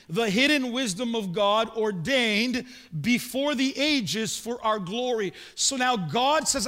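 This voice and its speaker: A pastor preaches a sermon in a big hall, his very high, slightly bright voice trailing off into long reverb. He addresses the congregation conversationally, adding rhetorical questions and brief personal anecdotes.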